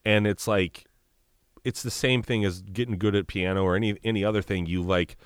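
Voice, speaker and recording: Low-voiced, rambling male podcast guest. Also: steady tone, brisk, clean tone, no echo, clean studio sound. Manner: rambling, lots of fillers, jokey. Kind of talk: casual chat. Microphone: video call.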